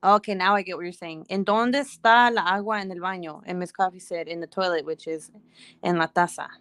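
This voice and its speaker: A woman's voice: on the low side, steady tone, a little fast, a bit bright, no echo. A woman in her thirties whose first language is Spanish, speaking English with a Mexican Spanish accent, chatting casually with her stream viewers, rambling, laughing often and swearing freely. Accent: Mexican Spanish-influenced American English. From United States.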